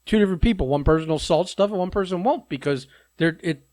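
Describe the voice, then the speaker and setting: A man with a fairly high voice speaks bluntly on a podcast, dismissive and quick to swear. The recording is dry and close, with no room echo. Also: darkish tone. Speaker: podcast co-host. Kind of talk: casual podcast chat.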